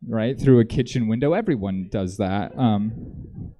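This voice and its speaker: A man doing a stand-up comedy set on a theater stage, rambling in a deadpan way with frequent ums. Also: fairly low pitch, measured pace.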